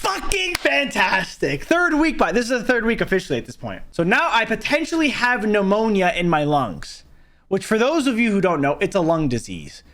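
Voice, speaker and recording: A young man tells a story from his own life to a livestream, and he swears freely. His voice sits high and swings wide, and it jumps up sharply when he is outraged. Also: normal speed. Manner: animated, profane, jumps to high exclaims. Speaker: streamer telling a story.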